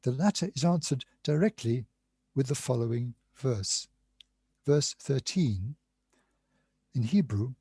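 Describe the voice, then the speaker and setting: An older man lecturing on scripture in a measured, reading style, reciting Hebrew passages and sometimes losing his place. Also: medium pitch, animated, dark tone, slightly rough, no echo.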